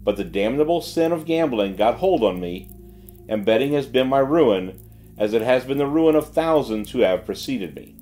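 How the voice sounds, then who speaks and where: A man's voice: medium pitch, animated, moderate pace, dark tone, soft background music, lightly acted. A man voicing a disgraced clergyman's farewell letter in a solemn, declaiming way. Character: ruined gambling clergyman writing farewell.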